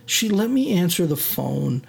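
On his podcast, a man rambles through a personal story by himself, poking fun at himself and sliding off on tangents. His high-pitched voice is very animated but measured in pace, with vocal fry and a breathy edge.

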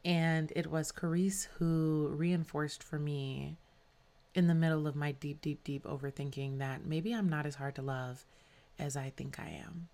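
Low-voiced woman hosting a podcast. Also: steady tone, a little slow. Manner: warm, candid, casual with swearing and fillers. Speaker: podcast host. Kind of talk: scripted podcast narration.

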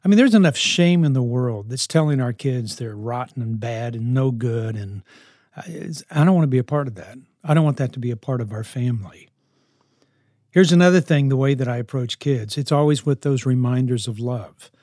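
A man's voice: medium pitch, animated, normal speed, a little mellow, no echo, studio quality. A man who lives with and mentors teenagers gives earnest advice to parents, often repeating himself for emphasis. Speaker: houseparent to high school kids.

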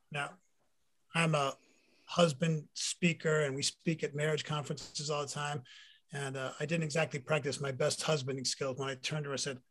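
Interview guest, man in middle age, raised pitch, animated storyteller sharing a heartfelt testimony. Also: normal speed. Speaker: guest, former pro football player. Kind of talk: personal faith testimony in conversation.

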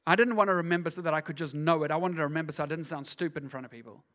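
A man's voice: fairly high pitch, racing, a bit bright. A pastor preaching a sermon, pressing his listeners with repeated, emphatic questions.

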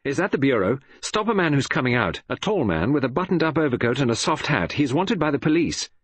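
Man playing an excitable english sidekick, hasty, exclamatory, husky, dry close sound. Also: medium pitch, measured pace, no echo, full character voice. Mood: urgent.

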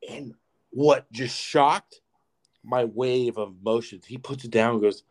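A man's voice: medium pitch, measured pace. A young man co-hosting a podcast, telling a story in casual, profane chat full of "like". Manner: animated, profane storytelling with lots of "like". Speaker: podcast co-host.

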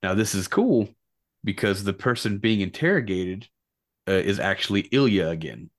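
A man co-hosting a casual movie podcast, telling behind-the-scenes stories with lively acted-out quotes. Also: on the low side, normal speed. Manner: animated storyteller, acts out quotes. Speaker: podcast co-host.

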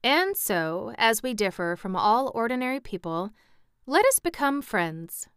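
A woman's voice: a little high, big pitch swings, unhurried, a bit bright, smooth, no room sound, clean studio sound, pitched above the performer's own voice. A woman voicing a pompous, severe male scarecrow king who speaks in a lofty, reproving way, in a storybook reading.

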